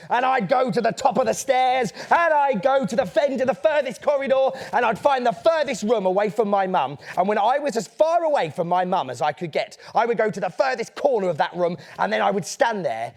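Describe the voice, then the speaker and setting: A man tells a story to children in a playful, theatrical way. His voice sits high and swoops all over the place, with a gravelly edge. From England. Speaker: children's author. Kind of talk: storytelling to a young audience.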